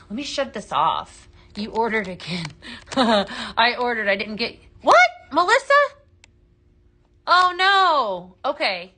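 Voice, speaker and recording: A woman's voice: on the high side, pushed and bright. A woman hosting a live shopping stream, chatty and gushing, with many fillers, talking while she moves around handling products. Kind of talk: live sales stream chat.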